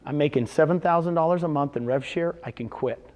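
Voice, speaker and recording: A man speaking live to a room of real estate agents, animated and quizzing his audience with questions, often acting out what others told him. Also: a little high, brisk. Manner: retells conversations in quoted voices. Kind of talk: live seminar talk.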